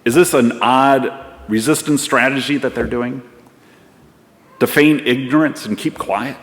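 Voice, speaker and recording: A man's voice: mid-range voice, measured pace. Man preaching in a reverberant church. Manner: storytelling, reflective, acts out voices. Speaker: pastor. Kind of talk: sermon. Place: church sanctuary. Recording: long church hall reverb.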